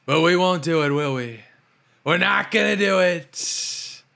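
A man's voice: a little high, unhurried, vocal fry, bright, forceful tone, pitched above the performer's own voice, heavily acted. A man putting on an impression of a boastful older male politician, dragging the words out like a rally speech during a comic ad read. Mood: mock rally.

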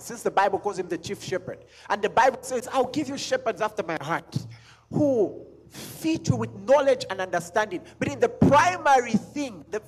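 A man's voice: high voice, breathy edge. A man preaching a sermon as a pastor, driving his points home with repeated questions and sometimes lifting scripture into a chant. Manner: emphatic, repeats lines, sings scripture.

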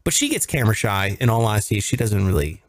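A man's voice: on the low side, lively intonation, fast. A man in his thirties hosting a casual podcast, joking and teasing his co-hosts in banter. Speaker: podcast host.

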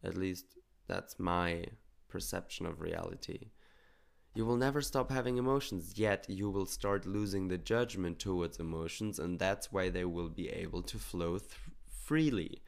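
Low gravelly man, calm coaching talk. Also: a little slow. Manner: calm, earnest, coaching tone with casual swearing. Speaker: podcast host. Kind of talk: reflective solo podcast talk.

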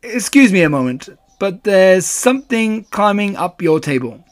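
A man's voice: high-pitched, sing-song, normal speed, voice pushed up. A man reading a storybook aloud, voicing a bouncy, cheerful young male tiger who talks with boastful confidence.

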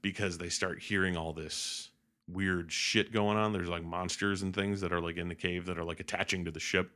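A low-voiced man speaking at normal speed hosts a podcast, recapping a film as an animated, profane storyteller who laughs and slips in voices.

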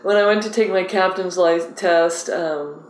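A woman fishing guide, excitable and animated, telling stories in a casual interview. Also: on the low side, normal speed, roomy sound, slight background noise, low-quality recording.

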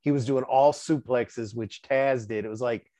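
A man's voice: medium pitch, steady tone, normal speed, dark tone, no echo. A man hosting a wrestling chat, joking, laughing and asking pointed questions. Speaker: podcast host, wrestling fan. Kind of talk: casual podcast chat. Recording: dull dry lo-fi sound.

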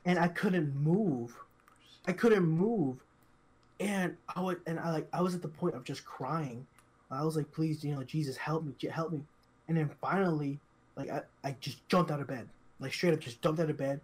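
A young man co-hosting a podcast, telling a story in casual chat, halting and repetitive, full of fillers and restarts. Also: a little high, breathy edge. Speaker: podcast co-host.

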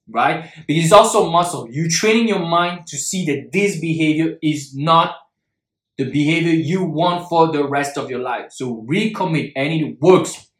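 Motivational speaker, male, slightly high voice, earnest and repetitive, recorded in an echoey room. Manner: earnest, repeats key words for emphasis. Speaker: self-help speaker. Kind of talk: motivational talk to viewers.

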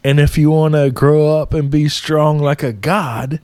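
A man's voice: fairly high pitch, steady tone, unhurried, darkish tone, no echo, close to an everyday voice. A man doing a sly coaxing trickster god. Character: sly male trickster god whispering to a boy.

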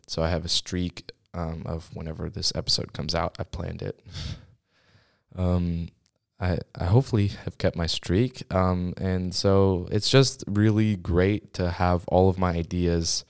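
A young man with a very low voice talks casually into a studio microphone, rambling and restarting his sentences. He keeps running short of breath between quick bursts of talk. The sound is dry and close, with no room echo. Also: creaky, clean tone. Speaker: podcast host. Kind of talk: casual solo podcast chat. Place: small school podcast studio.

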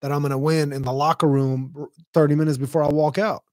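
A man hosting a podcast in casual, profane chat about fighting, animated and mocking as he retells stories. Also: fairly high pitch, fast, dry recording, clean studio sound. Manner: profane, animated, mocks others' shouting. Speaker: podcast host; former fighter.

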